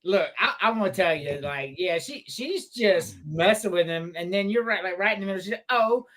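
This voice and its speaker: A woman's voice: on the low side, lively intonation, a little fast, a bit bright. A woman chatting on a podcast, retelling a clip animatedly and laughing a lot. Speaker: podcast host. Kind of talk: casual chat.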